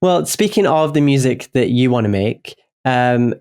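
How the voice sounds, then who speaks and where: A Scottish man co-hosting a casual music interview show, briskly reading introductions. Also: mid-range voice, expressive, darkish tone, smooth. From Scotland. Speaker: co-host.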